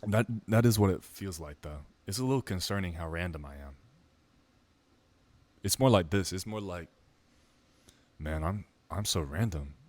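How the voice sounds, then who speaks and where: A man's voice: deep voice, animated, moderate pace, long pauses, darkish tone. Rambling, self-mocking young man. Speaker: musician vlogger. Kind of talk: rambling casual monologue.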